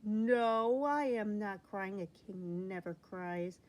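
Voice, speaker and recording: A woman's voice: medium pitch, takes it slowly, a little mellow, natural voice. A woman voicing a small, fussy king who whimpers and huffs. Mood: whiny. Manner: whimpering, huffy.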